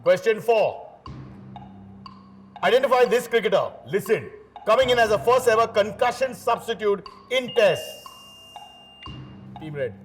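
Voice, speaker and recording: A man's voice: high voice, expressive, a little slow, long pauses, faint music behind. A man hosting a quiz show, teasing the teams with joking asides between questions. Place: TV studio.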